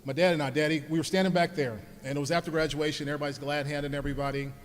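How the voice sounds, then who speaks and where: A man giving a heartfelt speech at an alumni event, telling personal stories and speaking softly when he thanks his parents. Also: a little high, fairly even intonation, racing. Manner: earnest, storytelling, grows soft when thanking his parents. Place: large hall at an alumni event. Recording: long hall reverb.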